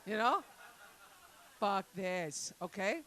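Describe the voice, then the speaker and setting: A woman's voice: medium pitch, lively intonation, slow, a bit bright, a little hiss or hum, poor audio. A woman doing a crude, rambling stand-up set with lots of asides to the crowd. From Italian-Canadian family. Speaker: stand-up comedian. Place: comedy night venue.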